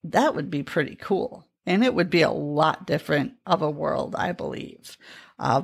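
A woman's voice: low voice, vocal fry. A middle-aged woman coach chatting casually on a podcast, retelling conversations with lots of fillers. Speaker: life coach.

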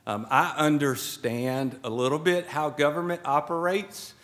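A man's voice: fairly high pitch, steady tone, a little slow, a bit bright. A middle-aged man with a drawl speaks at a podium microphone indoors. His folksy, joking manner drifts into a preacher's cadence as he addresses the audience. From Georgia. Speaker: guest speaker at a swearing-in ceremony. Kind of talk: informal ceremonial speech. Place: indoor event hall at a podium.

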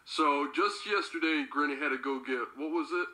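A man's voice: on the high side, moderate pace, bright, forceful tone, poor audio. A young man, a grandson, chatting and telling a story with his grandmother in a casual family video.

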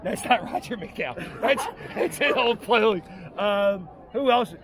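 A man hosting a comedic fan vlog from the stands of an outdoor baseball stadium, jokey and self-mocking, breaking into shouts. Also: high-pitched, expressive, unhurried. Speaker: comedic vlogger host. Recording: crowd noise of a ballpark. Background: loud stadium crowd.

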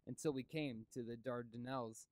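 A man voicing a gruff, superstitious sea captain in broad dialect. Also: medium pitch, steady tone, moderate pace, no room sound, close to an everyday voice. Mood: uneasy. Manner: broad dialect speech, plain and blunt.

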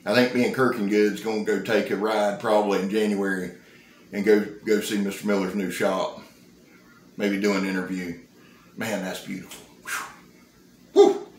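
A fifty-something man with a drawl, hyped up and folksy as he shows off his knives in a casual vlog. His voice sits on the low side, and the room gives it a roomy echo with a faint hum of ambience behind. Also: moderate pace, long pauses. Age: 50s. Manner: excitable, folksy, joking. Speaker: knife reviewer. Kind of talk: casual knife-review vlog. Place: indoor room. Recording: roomy, echoey sound.

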